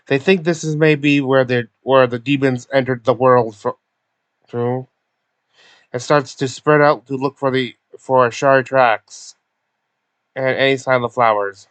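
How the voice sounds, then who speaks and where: A man's voice: mid-range voice, steady tone, measured pace, clear, resonant tone, no room sound. A man casually recapping a tabletop game session, stumbling over words with many fillers and restarts. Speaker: recap narrator.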